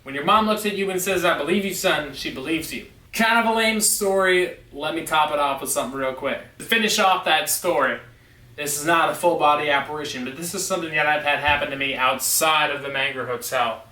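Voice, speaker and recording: Bright-voiced man telling a story in an echoey room. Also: fairly high pitch, a little fast, far from the mic. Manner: emphatic, insistent storytelling. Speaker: vlogger. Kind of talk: storytelling vlog. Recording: echoey room, away from mic.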